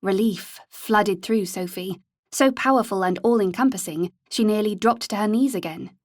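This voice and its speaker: A woman's voice: medium pitch, dry recording. Woman narrating an audiobook in a dry room. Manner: measured, steady storytelling. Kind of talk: scripted narration.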